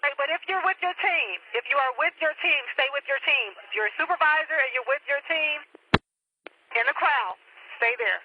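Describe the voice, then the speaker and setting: A woman's voice: high voice, expressive, moderate pace. A woman working as a police dispatcher, firmly repeating instructions to units over the radio. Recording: muffled police radio with static.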